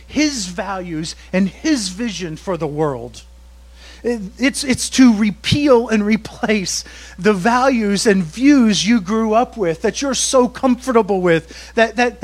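Pastor, male, high-pitched, preaching with slow dramatic emphasis and chuckles. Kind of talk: sermon.

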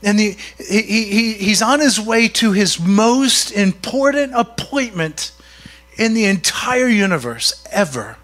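A man's voice: high voice, animated, slow, fairly bright tone. A man preaching a sermon in a conversational way, often asking his congregation questions. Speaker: pastor.

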